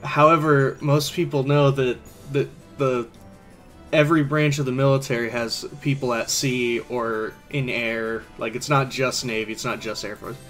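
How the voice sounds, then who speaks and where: A man's voice: mid-range voice, steady tone, moderate pace, a bit bright, faint music behind. Rambling man on a game stream. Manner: rambling, laughs often. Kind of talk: casual gaming commentary.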